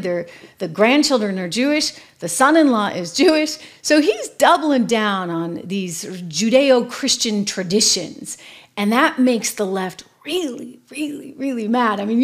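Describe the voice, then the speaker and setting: A woman hosting a political commentary show, emphatic and sarcastic, speaking straight to her audience. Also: on the high side. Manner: emphatic, sarcastic asides, addresses the audience directly.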